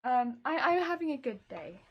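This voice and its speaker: A young woman chatting casually on a crafting live stream, telling stories in an animated way and answering chat. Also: high-pitched, normal speed, muffled recording, a little hiss or hum. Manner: chatty, animated storytelling, reads chat aloud.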